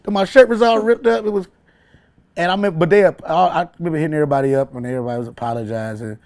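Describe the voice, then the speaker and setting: A man, a comedian telling a story in an interview, animated and laughing often as he acts out voices. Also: fairly high pitch, very fast. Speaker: comedian guest.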